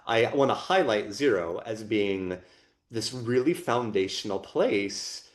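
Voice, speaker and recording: A man co-hosting a podcast, talking expansively about performance training and emotions in a relaxed conversational way. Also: fairly low pitch, slow pace. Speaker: podcast co-host.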